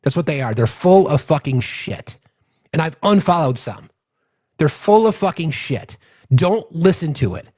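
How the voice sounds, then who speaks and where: A man's voice: fairly high pitch, very animated, measured pace, darkish tone. A man hosting political commentary, ranting with heated, profane outbursts. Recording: dull lo-fi audio.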